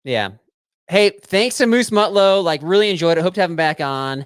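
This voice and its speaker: A man's voice: sits high, lively intonation, normal speed, clean tone, dry recording, clean studio sound. Playful man hosting a podcast. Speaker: podcast host. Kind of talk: casual podcast chat.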